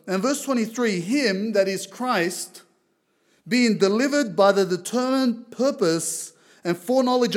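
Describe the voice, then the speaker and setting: A man from Lebanon preaching a sermon as a visiting preacher, reading scripture aloud in a loud, earnest way. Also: high-pitched. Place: church.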